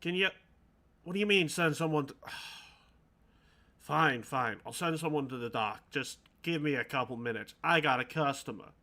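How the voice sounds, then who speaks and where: A man voicing a gruff shopkeeper in a tabletop game, putting on a gravelly voice. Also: on the high side, measured pace, bright, forceful tone. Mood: harried. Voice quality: gravelly put-on voice. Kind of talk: tabletop role-play voice acting.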